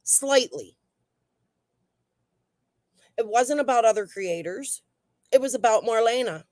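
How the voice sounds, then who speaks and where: A woman's voice: a little high, animated, takes it slowly, darkish tone, no room sound. A woman hosting a casual true crime livestream and reading the chat, talking in a blunt, heated way that is full of swearing.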